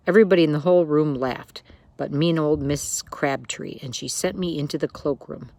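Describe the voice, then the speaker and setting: A woman reading a children's book aloud with expressive, lilting narration. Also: low-pitched, moderate pace, vocal fry, dry recording. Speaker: storyteller.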